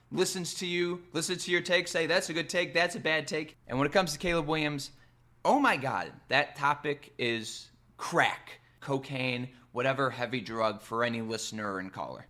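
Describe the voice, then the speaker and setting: A man with a bright, sharp voice rants to camera about football in a casual, emphatic way. He speaks at a middle pitch and keeps his delivery punchy and animated, with quick asides. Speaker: sports radio producer and vlogger. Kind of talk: casual opinion rant to camera.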